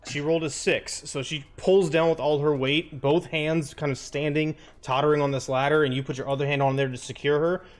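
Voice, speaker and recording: A man running a tabletop game as game master, narrating scenes in a descriptive, steady storytelling manner. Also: fairly high pitch, fairly quick, hardly any pauses.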